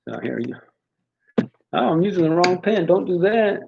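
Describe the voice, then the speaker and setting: A man thinking aloud while he writes and rehearses rap lines, chanting them over and over and then musing quietly to himself. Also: high voice, big pitch swings, moderate pace, vocal fry, long pauses, highs cut off, background noise. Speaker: amateur rapper writing lyrics.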